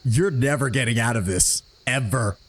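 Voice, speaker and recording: A man's voice: medium pitch, moderate pace. A man commentating on a game live, casual, laughing often and swearing freely. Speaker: streamer playing a game.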